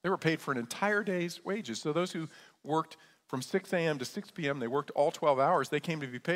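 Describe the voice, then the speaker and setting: A man's voice: on the high side, fairly quick, a bit bright. A man, a pastor, preaching a sermon in a conversational way, often checking in with his listeners. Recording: long church reverb.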